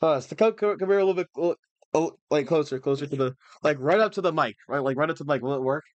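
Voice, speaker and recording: A man's voice: fairly high pitch, fast talker, no room sound, lo-fi sound. A young man chatting on a livestream, emotional and rambling, restarting his sentences often. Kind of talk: casual livestream chat.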